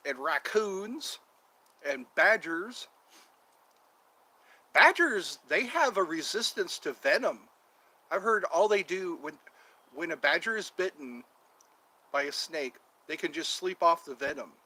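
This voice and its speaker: A man with a lively, bright voice rambles through a casual outdoor livestream. He wanders from topic to topic, joking and drawing out his words at an unhurried pace. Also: a little high, low-quality recording. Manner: meandering, jokey, drawn-out words. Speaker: channel host.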